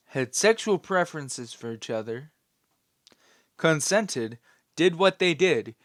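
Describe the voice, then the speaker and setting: A man's voice: medium pitch, no room sound, clean studio sound. A man hosting his own channel, giving a rambling, opinionated commentary with many fillers and a scolding tone. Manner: scolding, dismissive. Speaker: channel host.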